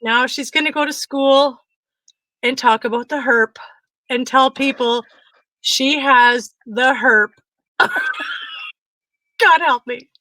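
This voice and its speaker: A woman co-hosting a talk show, telling a funny story in a casual, animated way and acting out what others said. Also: high-pitched, slow pace, pauses often, no room sound. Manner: animated, frequent laughter, acts out quotes. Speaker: podcast co-host.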